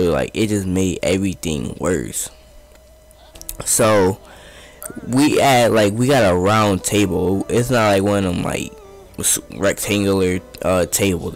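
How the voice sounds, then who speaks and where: Young man telling a profane storytime. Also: low-pitched. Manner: profane, rambling, streetwise slang. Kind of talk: casual storytime over gameplay.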